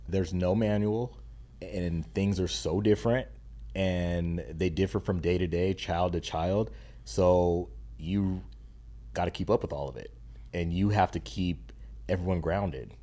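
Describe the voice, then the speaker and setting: Deep, mellow-voiced man, earnest and emphatic. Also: unhurried. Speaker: podcast guest, stay-at-home dad and content creator. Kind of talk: casual interview conversation.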